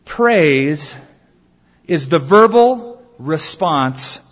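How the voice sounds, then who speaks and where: A man pastor preaching a sermon, telling stories with drawn-out emphatic phrases. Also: a little high, expressive. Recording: dull sound in a reverberant hall.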